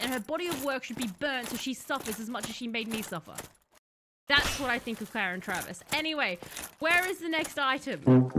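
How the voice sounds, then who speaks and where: A woman streaming a game live, chatting casually, reading chat aloud and breaking into excited outbursts. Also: high-pitched, noisy background.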